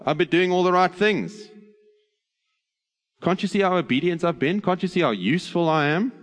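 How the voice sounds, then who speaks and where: A man's voice: high voice, animated, moderate pace, long reverb tail, voice pushed up. A man voicing a resentful older brother who pleads his own case in a self-righteous tone. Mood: indignant pleading.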